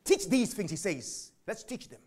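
A man preaching a sermon, asking and answering his own questions, jumping from shouts to whispers. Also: high-pitched, moderate pace. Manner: animated, swings from shouts to whispers.

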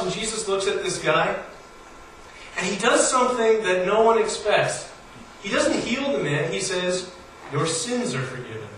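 A pastor preaching a sermon. He tells stories in a casual, conversational way and pushes his emphasis higher as he builds each point. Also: a bit bright. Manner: storytelling, conversational with rising emphasis. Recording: very echoey hall, voice from far off, faint noise.

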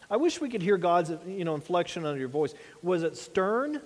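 Earnest high-voiced preacher man. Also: very animated, a little fast, hardly any pauses, long reverb tail. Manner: earnest, conversational preaching with rhetorical questions. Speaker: pastor. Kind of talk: sermon.

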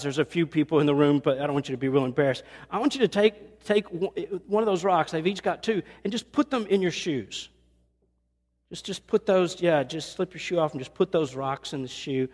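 A man preaching a conversational sermon to his church, earnest and animated, acting out the voices of people he quotes. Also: big-room sound. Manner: earnest, conversational, acts out quotes with rising pitch. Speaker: pastor. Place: church sanctuary.

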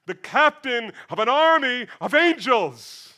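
Bright-voiced male preacher, hushed then booming. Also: moderate pace, hardly any pauses. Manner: swings from hushed to booming when reciting scripture; addresses listeners as beloved. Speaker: pastor. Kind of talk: sermon.

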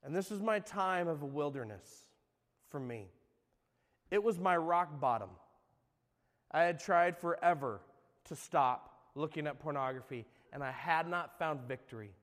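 Male pastor, middle-aged, high voice; confessional sermon testimony, loud to hushed, church-hall reverb. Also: lively intonation, measured pace. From California. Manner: earnest, confessional, swings between loud and hushed. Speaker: guest speaker, former youth pastor.

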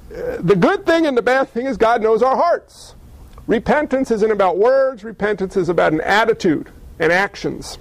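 A man delivers a sermon in a strikingly high voice, folksy and animated as he slips in and out of the people in his stories. The sound is dry, with no room echo. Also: vocal fry. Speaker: preacher.

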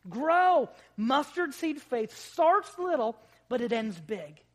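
A pastor preaching a sermon in a conversational, joking way, swinging between loud emphasis and quiet asides. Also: sits high, very animated, takes it slowly. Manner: conversational, with jokes and acted-out quotes.

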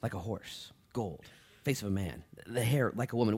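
A male pastor delivering a sermon in a church with a fairly low voice. He speaks to his congregation like friends, sinking into quiet, low asides and then climbing to loud, pointed emphasis. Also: moderate pace, husky.

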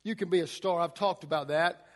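A man's voice: on the high side, a little fast, big-room sound. A man preaching a sermon to a congregation, emphatic, his delivery rising and falling. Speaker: pastor.

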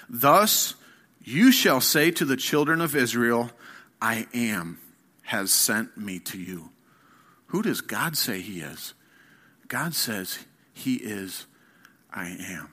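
A male preacher delivering a sermon slowly and deliberately, his tone bright and forceful. He drops to hushed near-whispers, then builds to loud, rising appeals. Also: mid-range voice.

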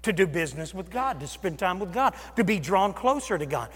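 Male pastor, sermon, high voice, dramatic loud-to-hushed delivery, long hall reverb. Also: very animated, a little fast, breathy edge. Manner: dramatic, swings from loud exclamations to hushed near-whispers.

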